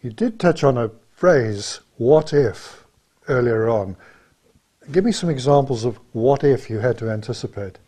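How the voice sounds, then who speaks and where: A man interviews a guest and prompts him with short questions. His voice sits at a middle pitch. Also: lively intonation, measured pace, warm tone.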